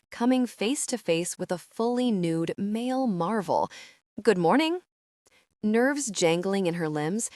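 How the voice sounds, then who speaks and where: Expressive woman narrating a romance. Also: lowish voice, no echo, studio quality. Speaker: audiobook narrator.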